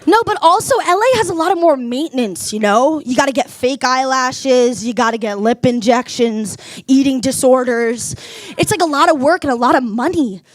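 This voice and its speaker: A young woman performing a stand-up comedy set, wry and self-mocking, jumping into quick voices for the people in her stories. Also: sits high, expressive, dry recording, clean studio sound. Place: comedy club stage.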